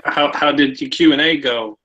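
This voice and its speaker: Bright, laughing man bantering. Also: mid-range voice, moderate pace, dull audio. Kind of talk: casual chat on a stream.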